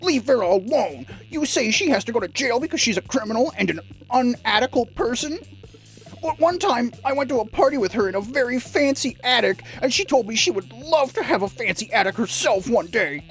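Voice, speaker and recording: A woman voicing a goofy, excitable young male werewolf student who rambles earnestly. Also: fairly high pitch, brisk, faint music behind, pitched above the performer's own voice, close to an everyday voice, rough recording. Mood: pleading. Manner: rambling, earnest, dim-witted.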